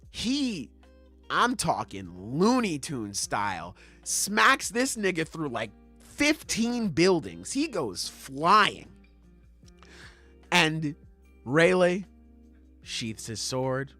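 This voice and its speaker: A man's voice: sits high, big pitch swings, slow, bright, forceful tone, soft background music. A young man hosting a podcast, chatting casually and acting out scenes with swearing and laughter. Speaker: podcast host. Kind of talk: casual chat.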